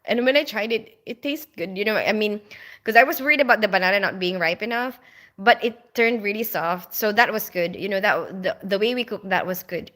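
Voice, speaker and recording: Her mid-range voice is brisk, pushed and bright as she hosts a laid-back live stream from home. She reads out viewer chat and rambles on, full of laughter and fillers.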